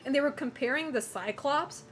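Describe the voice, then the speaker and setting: A woman's voice: high-pitched, normal speed, a bit bright, soft background music. Chatty, opinionated young-sounding woman streamer. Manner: chatty and opinionated, laughs often, swears. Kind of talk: casual chat with stream viewers.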